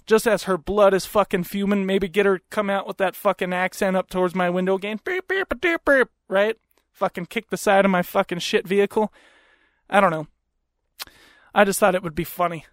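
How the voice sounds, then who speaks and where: A man hosting a podcast, telling a story in a profane, animated rant into a close mic. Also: sits high, dry recording. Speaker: podcast host. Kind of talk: comedic storytelling.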